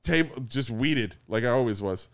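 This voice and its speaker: A man in crude casual banter, telling animated stories and swearing freely. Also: mid-range voice, moderate pace. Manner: animated storyteller, swears freely, acts out quotes.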